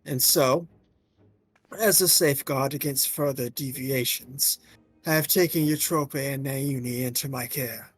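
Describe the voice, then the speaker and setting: A man voicing a scheming villainous male president, speaking very deep, slow and menacing, with faint music behind. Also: slightly rough.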